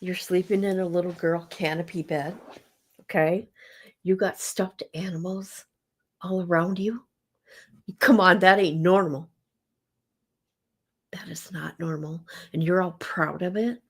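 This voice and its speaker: Speaking a little slowly in a fairly low, steady voice, an older woman runs a laid-back livestream. Her delivery is blunt and exasperated, with stammers and bursts of laughter along the way.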